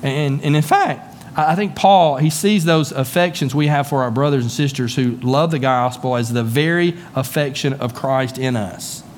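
A man's voice: mid-range voice, moderate pace, a little hiss or hum. A man with a Southern US accent preaching a sermon as pastor, folksy and conversational, often repeating words as he goes. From Southern United States. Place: church sanctuary.

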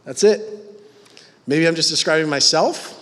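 A man's voice: fairly high pitch, moderate pace, a bit bright, long reverb tail. A man in his thirties preaching in a humorous, self-mocking, conversational way. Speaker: pastor. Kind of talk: sermon.

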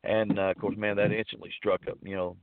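Low-voiced Southern man telling a folksy story. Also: little pitch movement, fast talker, dry recording. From Arkansas. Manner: rambling, folksy, many fillers and restarts. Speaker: storyteller guest. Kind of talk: casual spoken storytelling. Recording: dry, phone-like narrow sound.

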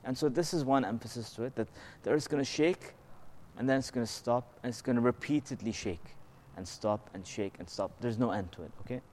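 A man's voice: mid-range voice, brisk, a little mellow, a little hiss or hum. A man giving a conversational religious lesson. He explains patiently, asks rhetorical questions and keeps checking in with his listeners. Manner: slips into melodic Arabic recitation of verses. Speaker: religious teacher.

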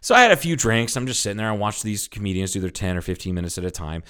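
A man in his thirties, a podcast co-host telling a story in casual chat, animated and full of swearing. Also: fairly low pitch, racing, clear, resonant tone. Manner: animated storyteller, swears a lot, acts out quotes loudly.

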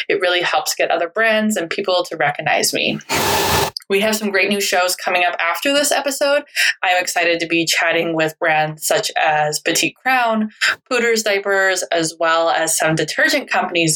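A young woman from Canada hosting a podcast, chatting quickly and excitedly as she introduces an interview. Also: lowish voice, poor audio. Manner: bubbly, fast-talking, chatty. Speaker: podcast host.

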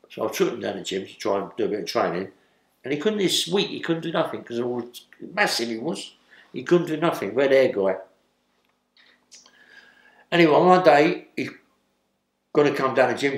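Being interviewed, a former criminal, an older man from London with a London accent, rambles on about his time in prison, regularly checking in with "yeah?". His mid-range voice is expressive and moves at a normal speed, with reverb on the recording.

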